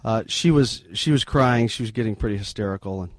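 A middle-aged man, a missionary guest in an interview, retelling a story in an earnest, halting, sombre way. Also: fairly low pitch, no echo.

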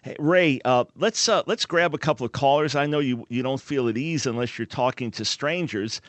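A man with a New York accent hosting a radio talk show, energetic as he introduces callers and plugs websites. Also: medium pitch, moderate pace, no echo.

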